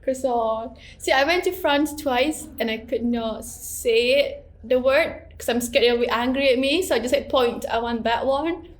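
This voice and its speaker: A woman's voice: sits high, normal speed, hardly any pauses. A woman co-hosting a student podcast in playful casual chat, who sometimes stumbles over words. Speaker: podcast co-host.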